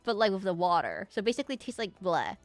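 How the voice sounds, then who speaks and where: A woman's voice: mid-range voice, very animated, very fast, no echo. A young woman streamer chatting casually with her live audience, rambling with many fillers, restarts and laughs.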